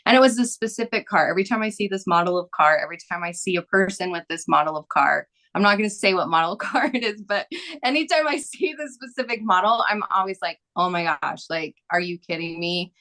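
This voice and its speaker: A woman's voice: mid-range voice, fast talker, fairly bright tone. A young adult woman, a massage therapist, telling a story casually as a podcast guest, rambling with lots of filler words.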